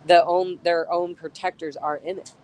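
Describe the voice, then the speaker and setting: A woman's voice: lowish voice, steady tone, moderate pace, darkish tone, a little hiss or hum, rough recording. A woman livestreaming from a street outdoors, talking emotionally and chattily to her viewers.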